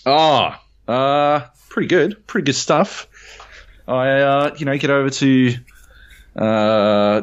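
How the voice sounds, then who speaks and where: A man, co-hosting a podcast, telling a travel story in an animated way and swearing often while jet lagged. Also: lowish voice. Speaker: podcast co-host. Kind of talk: casual chat. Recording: dull lo-fi audio.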